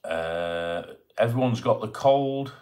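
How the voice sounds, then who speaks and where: A man's voice: fairly low pitch, expressive, slow pace, darkish tone. A middle-aged man hosting a casual live stream from home, chatting and greeting viewers by name as he reads their comments. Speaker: livestream host. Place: home in Bournemouth.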